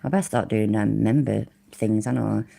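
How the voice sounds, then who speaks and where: A woman's voice: a bass voice, fairly even intonation, moderate pace, gravelly, dark tone. A woman giving rambling, sarcastic live-stream commentary on a video and swearing freely.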